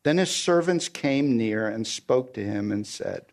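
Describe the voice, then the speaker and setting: This sermon comes from a gravelly-voiced man who speaks a little slowly but animatedly, with few pauses. He goes through scripture verse by verse in everyday slang, questioning the congregation and answering himself, occasionally going quiet and low to stress a point.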